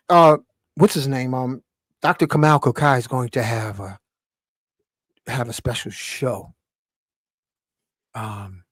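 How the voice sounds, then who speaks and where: A man hosts a video-call livestream, slangy and loose, shouting out names from the chat. His voice sits a little high for a man. The sound is close and dry. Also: no room sound. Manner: loose slangy banter, shout-outs to viewers. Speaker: livestream host.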